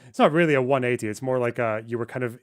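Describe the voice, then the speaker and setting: A man's voice: mid-range voice, fast, no room sound, clean studio sound. Sweary streamer in his thirties. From Britain. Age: 30s. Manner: blunt, sweary and offhand. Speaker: livestream host. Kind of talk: casual live-stream chat.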